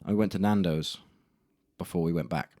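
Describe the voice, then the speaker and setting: A young man talks alone into a camera for his podcast, rambling through embarrassing stories about himself. His voice sits very low, and the room sounds dry and close. He swears casually and makes fun of himself as he goes. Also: fairly even intonation, moderate pace, warm tone, dry recording. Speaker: podcast host. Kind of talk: solo podcast storytelling. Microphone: camera mic in a room.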